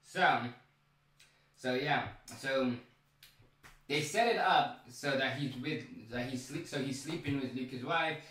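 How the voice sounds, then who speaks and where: A man casually recapping a TV episode, rambling and excitable, stumbling over repeated words and restarts. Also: mid-range voice, a little slow, slight background noise. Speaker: show recap vlogger. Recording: very echoey room, mic far off.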